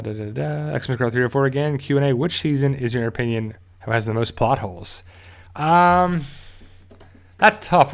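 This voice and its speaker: Rambling man chatting on a live stream. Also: medium pitch. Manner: rambling, many fillers and restarts. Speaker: live stream host reading chat. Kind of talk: casual live stream chat.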